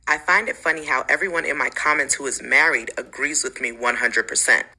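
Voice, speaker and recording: A man's voice: mid-range voice, brisk, sharp tone, husky, rough recording. A man vlogging straight to his followers in a matter-of-fact, self-assured way. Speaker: social media creator. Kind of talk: vlog commentary to camera.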